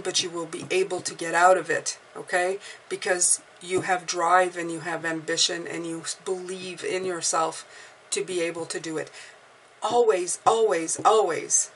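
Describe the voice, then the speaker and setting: A woman tarot reader giving an encouraging, casual spiritual pep talk, often repeating herself and breathing deeply aloud. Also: fairly bright tone. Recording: mic at a distance, faint background noise.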